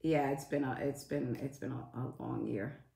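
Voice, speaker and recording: A woman's voice: extremely low pitch, fairly even intonation, normal speed, creaky, warm tone, reverberant. A woman on a casual live stream, swearing a lot and greeting viewers in the middle of her story.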